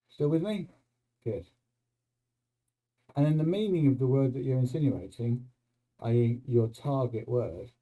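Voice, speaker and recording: A man's voice: medium pitch, warm tone, rough recording. A man hosts his own video channel, explaining slang in a wry, conversational way and checking in with the viewer. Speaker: YouTube host explaining slang.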